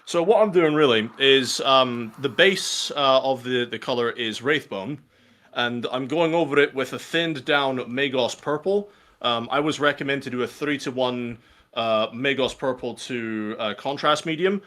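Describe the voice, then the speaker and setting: A man with a middle-pitched voice chats casually while painting. He rambles and pokes fun at himself as he walks through his steps. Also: a little slow, a bit bright. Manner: rambling, self-deprecating. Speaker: guest painter. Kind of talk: casual chat.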